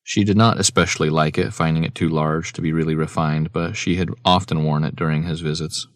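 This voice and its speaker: Guy reading an audiobook, really deep voice, dry close sound, steady pace. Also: fairly quick, no room sound. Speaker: audiobook narrator. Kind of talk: scripted narration.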